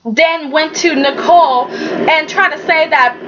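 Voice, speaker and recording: A woman casually recapping a soap opera episode in a chatty, sassy way, with animated asides. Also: high voice, a little slow. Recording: muffled, loud background noise.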